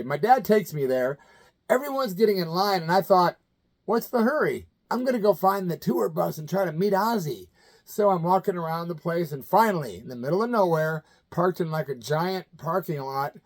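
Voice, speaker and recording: A man in his fifties from the American Midwest, telling rock stories in a loose, colloquial way and acting out the people he quotes. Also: fairly high pitch. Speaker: channel host telling stories. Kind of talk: casual anecdotal storytelling.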